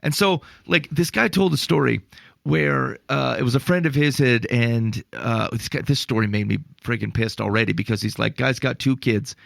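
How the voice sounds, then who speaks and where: Gravelly man, animated exasperated storyteller. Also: mid-range voice, moderate pace, dry recording. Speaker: podcast co-host. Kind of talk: casual faith podcast discussion.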